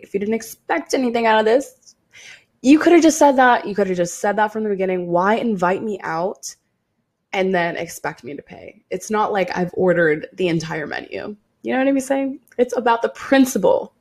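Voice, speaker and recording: Raspy young woman with a shot voice, blunt animated podcast rant. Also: mid-range voice, moderate pace. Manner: blunt, animated, swears freely. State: hoarse, losing her voice. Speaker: podcast host. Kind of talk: casual solo podcast talk.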